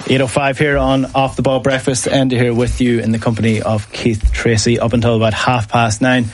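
A man hosting a morning sports radio show, his voice sitting at an ordinary middle pitch. He talks briskly and analytically about football, with faint music playing underneath. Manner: brisk, reads ad copy and promos in a lively way. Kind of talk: breakfast sports radio presenting.

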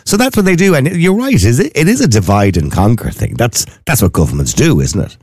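A man's voice: mid-range voice, sing-song, a little fast, a little mellow, husky, no echo, clean studio sound. An Irish man hosting a radio show, asking questions in a casual chat. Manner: questioning, conversational. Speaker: radio host.

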